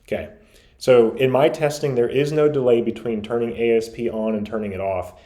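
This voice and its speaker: A man's voice: mid-range voice, steady tone, a little fast, mellow. Analytical man explaining radio audio. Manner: analytical, emphatic. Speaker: radio reviewer. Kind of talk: explanatory commentary.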